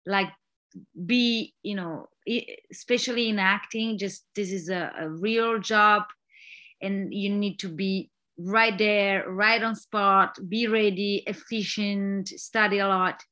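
A woman from Italy with an Italian accent, an actress answering interview questions, often pausing to search for words. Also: medium pitch, steady tone, bright, forceful tone. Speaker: actress, guest.

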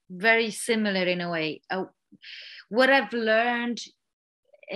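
A woman from Italy with an Italian accent, an actress answering interview questions, often pausing to search for words. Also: medium pitch, fairly bright tone. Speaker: actress, guest.

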